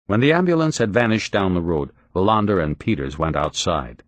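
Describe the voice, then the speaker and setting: A man narrating an audiobook in a steady, expressive reading. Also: deep voice, fairly quick, hardly any pauses, dry recording. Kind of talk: audiobook narration of a crime novel.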